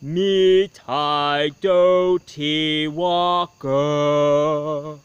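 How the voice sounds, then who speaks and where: A man voicing a ghostly decapitated head that calls out slowly and sadly from a fireplace. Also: a little high, fairly even intonation, clean tone, no echo, muffled recording. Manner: drawn-out, hollow, sad calling.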